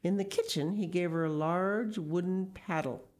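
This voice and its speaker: A woman reading a picture book aloud, expressive and unhurried, with small asides about the pictures. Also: low-pitched. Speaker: storyteller.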